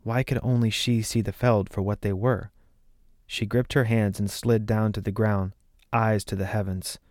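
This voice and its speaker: A man narrating a fantasy story as an audiobook in a measured, steady way. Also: fairly low pitch, dry recording, clean studio sound.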